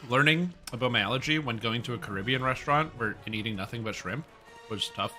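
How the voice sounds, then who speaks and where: A man's voice: mid-range voice, fast, pushed and bright, faint music behind. A young man streaming a game, chatting casually and rambling as he jokes and answers chat. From Canada.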